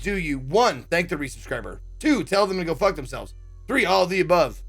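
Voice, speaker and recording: A man reading a visual novel aloud on stream, his fairly high voice swinging widely in pitch. He is sarcastic and swears freely, with faint music playing behind him. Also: expressive, brisk, a bit bright, slightly rough. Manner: sarcastic, swears freely, acts out quoted lines with pitch jumps.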